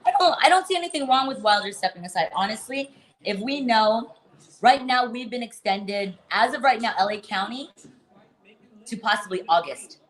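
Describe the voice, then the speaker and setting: Brief: chatty, blunt woman co-host, higher-pitched voice. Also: lively intonation, moderate pace. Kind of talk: casual chat.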